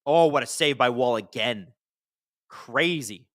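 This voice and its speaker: Bright-voiced man chatting about hockey live. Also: mid-range voice, a little slow, dry recording, clean studio sound. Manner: chatty, rambling, answers chat questions; bursts into excited shouts at big plays. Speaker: hockey livestream host. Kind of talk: casual live watch-along commentary.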